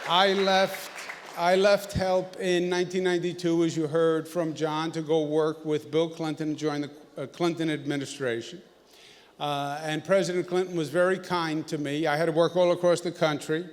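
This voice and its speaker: A man's voice: a little high, flat delivery, normal speed, a faint crowd. A man giving a speech at a ceremony, joking and emphatic. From New York. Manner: joking, then emphatic and forceful. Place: large banquet hall. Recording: echoey hall.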